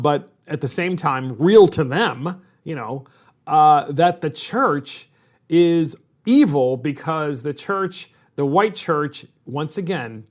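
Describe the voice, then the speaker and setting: A man hosts a political commentary podcast. He talks emphatically and hammers his points by repeating them. His voice sits a little high. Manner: emphatic, repetitive, indignant. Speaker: podcast host.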